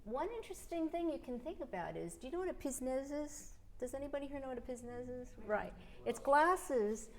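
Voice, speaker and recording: A woman with a New York accent coaching a piano student in a masterclass, chatty and animated, singing out musical cues. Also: high voice, a little fast, slight background noise. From New York City. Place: piano masterclass before an audience. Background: piano playing.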